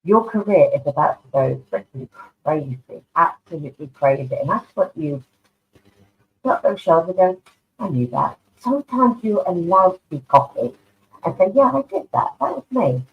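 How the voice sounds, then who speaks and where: A woman's voice: fairly low pitch, animated, moderate pace. A woman reads tarot cards for viewers during a live online session. She is chatty and affectionate and calls people darling. Her voice comes through narrow and tinny, like a phone line. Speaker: tarot card reader. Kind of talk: live online card reading. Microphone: online video stream.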